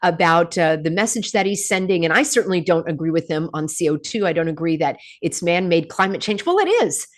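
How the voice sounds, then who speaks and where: Host: American woman, lowish voice, snarky and animated with viewers. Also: a little fast, few pauses. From United States. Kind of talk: livestream monologue.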